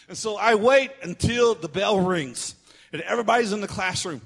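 An animated male preacher tells a story from his own life, throwing himself into every quoted voice. His voice sits fairly high for a man. A long hall reverb trails after each phrase. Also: brisk. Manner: animated, acts out quotes with big swings of pitch and volume. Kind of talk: sermon storytelling.

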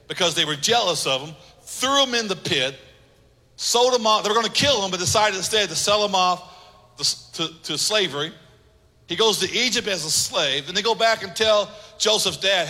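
A pastor preaching an emphatic, repetitive, conversational sermon. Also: male voice, high-pitched, pushed and bright, big-room sound.

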